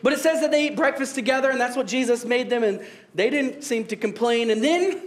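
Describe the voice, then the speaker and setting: A young man preaching in a casual, joking tone, often breaking into laughter at his own lines. His voice sits high for a man, and he keeps the sermon light and conversational. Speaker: pastor.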